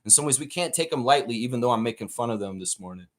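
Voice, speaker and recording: A man's voice: medium pitch, rapid-fire. A man hosting a live stream, chatting casually and ranting with plenty of swearing. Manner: profane, animated rant reading chat.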